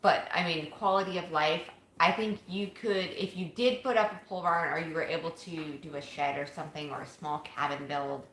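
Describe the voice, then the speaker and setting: A woman's voice: low voice, steady tone, fairly quick, hardly any pauses, fairly bright tone, roomy sound, a little hiss or hum. A woman co-hosting a casual livestream, chatting and laughing about homestead life. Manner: chatty, laughs often, explains in long runs.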